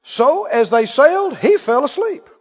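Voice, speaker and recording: A man's voice: extremely high pitch, sing-song, a little slow, a little mellow. Male preacher, playful and emphatic, in an echoey hall with a dull recording. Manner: rhetorical questions, playful and emphatic. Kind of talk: sermon.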